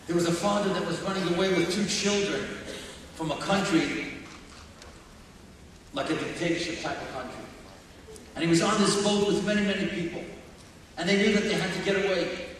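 High-voiced guy preaching, emphatic, shouts at the big parts, super echoey hall, mic far away. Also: normal speed, long pauses, a little hiss or hum. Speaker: guest speaker. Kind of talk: sermon.

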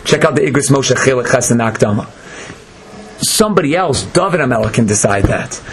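A man's voice: mid-range voice, animated, brisk, a loud crowd. A man teaching a Torah lesson in an emphatic, dramatic way, often acting out the people in the story. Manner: emphatic, dramatic, acts out quotes. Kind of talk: animated Torah lecture. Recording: noisy lecture recording.

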